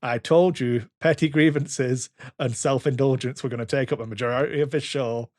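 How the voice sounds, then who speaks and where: A man's voice: mid-range voice, steady tone, normal speed, a little mellow, no room sound, studio quality. A man in his thirties co-hosting a podcast, telling rambling stories and swearing freely in casual chat. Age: 30s. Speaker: podcast co-host.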